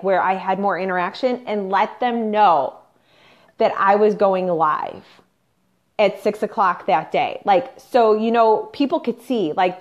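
A woman business coach on an unscripted live stream, chatty and pushy, peppering her talk with "like" and "you guys". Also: mid-range voice. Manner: upbeat and pushy, coaching the viewers directly. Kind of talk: unscripted Facebook live training. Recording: slightly dull lo-fi livestream audio.

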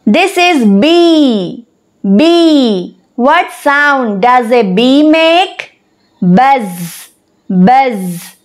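A woman with a high voice teaches young children, her delivery drawn out and very slow. She speaks deliberately, like a lesson narration, and pauses to spell words out letter by letter. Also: lively intonation.

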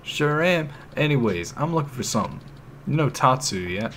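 A man voicing a brash, loudmouthed male street thug with a put-on tough-guy drawl. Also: mid-range voice, expressive, moderate pace, a little hiss or hum, close to an everyday voice. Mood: pushy.

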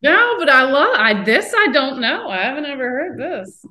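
Bright, lively woman host. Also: high voice. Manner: encouraging, quick interjections. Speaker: podcast host. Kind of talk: casual interview chat.

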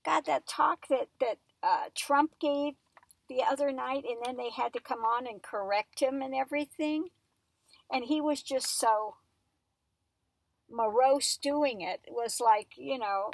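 A tarot reader, a woman, chatting casually at home in a rambling way and cooing softly to her dog in between. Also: high voice, measured pace, vocal fry. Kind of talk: casual chat.

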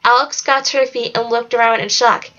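A woman reading a novel aloud at a steady pace, now and then slipping on a word and correcting herself. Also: a little high, a little fast, lo-fi sound. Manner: steady reading with occasional slips and self-corrections. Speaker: narrator.

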